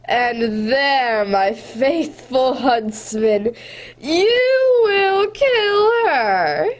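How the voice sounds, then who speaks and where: A cruel, jealous queen with a high voice that swoops from cold purring to sharp command, as a woman acts her in a radio drama. Every order is slow and menacing. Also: very animated, full character voice.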